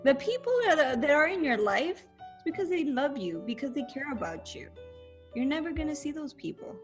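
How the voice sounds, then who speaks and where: Animated high-voiced woman telling stories. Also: faint music behind. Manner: animated storytelling with quick restarts, acting out quotes. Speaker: podcast guest, singer. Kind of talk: casual chat.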